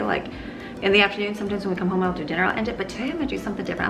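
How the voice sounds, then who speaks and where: Fast-talking woman vlogging outdoors, gravelly. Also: mid-range voice, over music. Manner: earnest, rambling, laughs often. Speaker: vlogger and homeschooling mother. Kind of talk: casual faith-sharing vlog chat. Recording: loud outdoor background noise.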